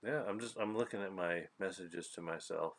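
Very deep gravelly man, dry and teasing. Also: a little fast, a little hiss or hum. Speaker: podcast co-host. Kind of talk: casual chat.

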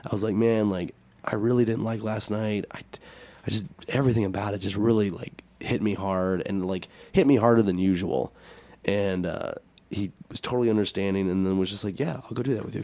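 A young man, a bit hoarse from losing his voice, telling a story in casual podcast chat and acting out quoted lines in a higher voice. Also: no room sound. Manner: animated storyteller, acts out quotes with a raised voice. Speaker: podcast host.

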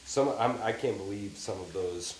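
A man's voice: fairly low pitch, normal speed, echoey room, a little hiss or hum, poor audio. A man with a Midwestern American accent hosting a music podcast, chatting casually with many restarts. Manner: chatty, restarts often, backchannels a lot. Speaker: podcast host. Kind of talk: casual interview chat.

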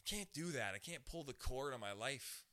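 A male comedian riffs loosely on his podcast, profane and animated. His voice is very bright and sharp-edged, with a zippy, brash tone that comes at you quickly. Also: medium pitch. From Canada. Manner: profane, fast, animated, riffing. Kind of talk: casual rambling monologue.

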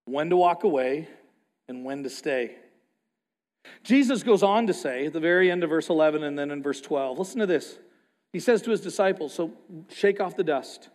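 A pastor delivers a sermon in a high, light male voice. He preaches with passion, dropping low and quiet, then rising loud. His voice rings with the long reverb of a big hall. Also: animated, normal speed.

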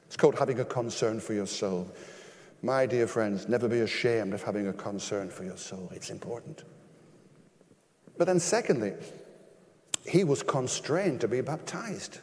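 An older man preaching a sermon as pastor, emphatic, with rhetorical questions and sudden rises in pitch and loudness. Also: animated, normal speed, in a large hall.

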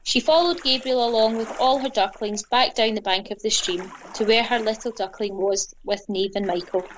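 Gentle woman reading a children's story. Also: a little high, normal speed, a little hiss or hum, poor audio. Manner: gentle, expressive.

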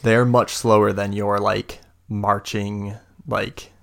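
Game master, male, gravelly, halting delivery full of fillers. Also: fairly low pitch, level tone, fairly bright tone. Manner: hesitant, many fillers and restarts. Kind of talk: narrating a tabletop game.

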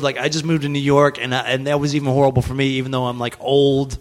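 A man hosting a comedy podcast, telling animated stories with lots of swearing and laughter. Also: mid-range voice, fast talker. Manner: animated storyteller, swears freely, laughs often. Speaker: podcast host. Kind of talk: casual comedy chat.

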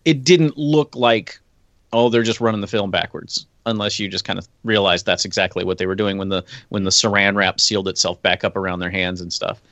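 A man's voice: lowish voice, fairly quick, a bit bright, no echo. An American man chatting as a podcast guest, rambling and searching for his words. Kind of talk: casual podcast chat.

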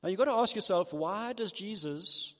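A man with a high voice preaches a sermon at normal speed, telling a parable with vivid, animated delivery and character voices. The long reverb of a large hall echoes behind him.

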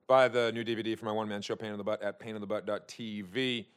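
A man's voice: fairly low pitch, steady tone, clean tone. A man co-hosting a comedy podcast, telling jokes and plugging his work. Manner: rapid-fire joke telling, self-promoting. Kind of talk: casual comedy podcast chat.

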